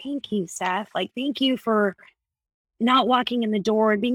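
A woman guest on a podcast, telling personal stories in casual conversation, animated and quick to laugh. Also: on the high side, no echo. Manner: animated storyteller, laughs often.

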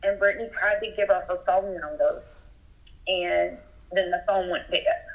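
A woman from Texas speaks as a guest over a muffled phone line. She tells her story in earnest and thorough detail. Her voice sits a little low. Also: steady tone, moderate pace, vocal fry. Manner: earnest, detailed retelling with rising urgency. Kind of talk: telling a personal story by phone. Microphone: telephone.

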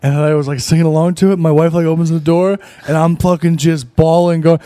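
A man's voice: on the high side, level tone, a little fast, few pauses, mellow, no room sound. A young man, a podcast guest, chatting casually, swearing, laughing easily and breaking into song. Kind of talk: casual chat.

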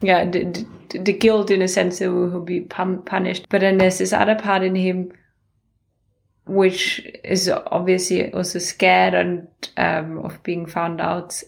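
Lowish, creaky woman, flat and measured, casual book discussion. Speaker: book club participant.

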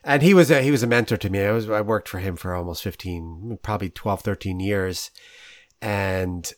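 Storytelling man, low dry voice. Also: moderate pace, no echo. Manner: storytelling, animated, laughs often. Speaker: podcast host. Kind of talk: casual interview chat.

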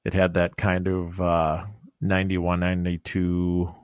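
A man's voice: low-pitched, completely flat delivery, unhurried, dry recording, clean studio sound. A man from Minnesota hosting a podcast in casual, jokey chat. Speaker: podcast host.

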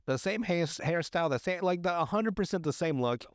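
A young man hosting a podcast recaps a TV episode in casual, crude chat, swearing often and rambling with lots of restarts and fillers. His voice is high, animated, and brisk. The recording is dry and studio quality.

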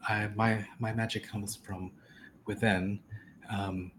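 A man voicing a warm, motherly female seer who fusses over her guests and calls them dear. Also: lowish voice, flat delivery, takes it slowly, noisy background. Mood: doting. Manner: fussing, endearing, calls people dear.

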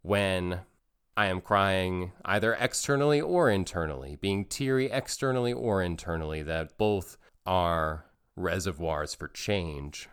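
Deep-voiced guy talking slow and thoughtful, keeps repeating phrases to make his point. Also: smooth. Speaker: speaker on parenting and emotional healing. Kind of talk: reflective monologue.

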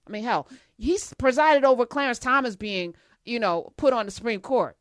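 A woman's voice: fairly high pitch, moderate pace, dry recording, clean studio sound. A woman hosting a casual conversation, who speaks bluntly and frankly. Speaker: host.

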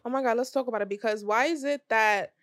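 A young woman co-hosting a podcast in casual chat, relaxed and teasing, with dry interjections. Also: fairly high pitch, quick pace, no room sound. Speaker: podcast co-host.

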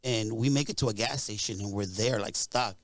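Young male podcast co-host, animated rambling storyteller, dry studio sound. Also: on the low side, a little fast, no room sound. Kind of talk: casual storytelling.

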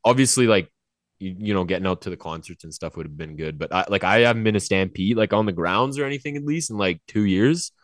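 Young male co-host, deep voice, rambling filler-heavy chat, dry close sound. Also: quick pace, no echo. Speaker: podcast co-host. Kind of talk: casual chat.

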